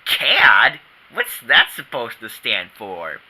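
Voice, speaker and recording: A performer voicing a calm, sardonic tiger in a fan comic dub, teasing and unhurried. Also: medium pitch, slightly rough, heavily acted, low-quality recording. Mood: mocking. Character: dry, sly stuffed tiger friend.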